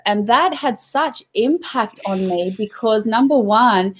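A woman's voice: a little high, expressive, takes it slowly, slightly rough. Earnest woman telling a prayer story. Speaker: host. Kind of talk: casual chat.

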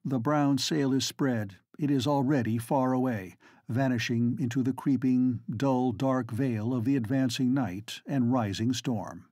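A man narrating a novel as an audiobook in a measured, dramatic storytelling manner. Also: mid-range voice, fairly even intonation, dark tone, no echo, clean studio sound. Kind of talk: scripted narration.

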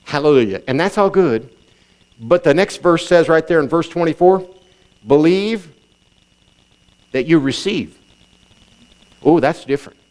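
A man's voice: on the high side, lively intonation, unhurried, long pauses, a little mellow. A middle-aged man preaching a sermon, reading scripture and driving points home by repeating them. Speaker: pastor.

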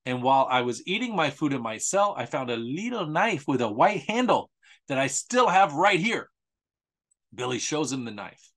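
A man's voice: mid-range voice, very animated, moderate pace, fairly bright tone. A man presenting a history talk in a casual, sarcastic, conversational way, often repeating himself for emphasis. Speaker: author presenting a history series.

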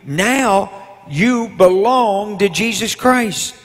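An older man, a bishop preaching a sermon, breaking into shouted calls to the congregation. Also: high voice, lively intonation, slow, slightly rough. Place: large church sanctuary. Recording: long hall reverb.

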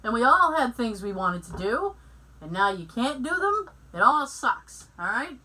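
Podcast co-host, woman, high bright voice, unhurried animated storytelling. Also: rough recording. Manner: animated, laughs often, acts out dialogue. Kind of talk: casual storytelling chat.

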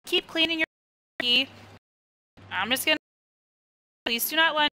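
Bright high-voiced woman streamer. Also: measured pace. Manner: chatty, talks to the game and greets chat viewers. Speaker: game streamer. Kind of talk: live gameplay commentary.

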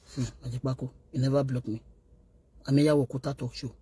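A Nigerian man with a rough voice, ranting and taunting as he addresses a rival directly, slipping between pidgin and Yoruba. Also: medium pitch, flat delivery, fairly quick, warm tone, no room sound. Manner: scolding, taunting, code-switching into Yoruba. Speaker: online video host.

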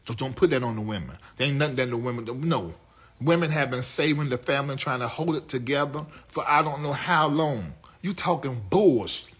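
A man hosting a live talk show, with a Southern US accent, talking sassy and flamboyant to his chat, swinging from low mutters to loud outbursts. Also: breathy edge.

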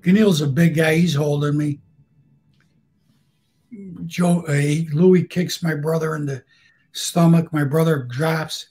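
A man's voice: a little high, fairly even intonation, takes it slowly, pauses often, a little mellow, breathy edge. An older man tells a story bluntly and profanely, acting out the lines of the people in it. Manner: blunt, profane, acts out quoted dialogue. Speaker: guest storyteller. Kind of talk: casual storytelling on a live stream.

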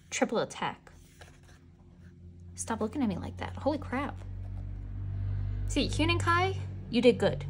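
A woman vlogger giving excitable, gushing commentary as she unboxes merchandise and talks back to the photos. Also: on the high side, a little hiss or hum.

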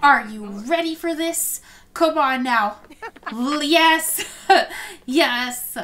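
A woman hosting let's-play commentary, excitable, gasping often and talking straight to her viewers. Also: high voice, drawn-out words. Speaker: gameplay host.

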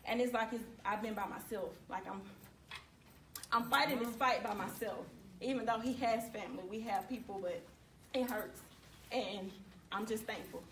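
A woman speaks from the heart to a group of fellow activists, emotional and sincere. Her voice sits a little high. She is far from the microphone in an echoey room. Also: moderate pace, fairly bright tone, slight background noise. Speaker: activist and mother. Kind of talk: introducing herself to a group.

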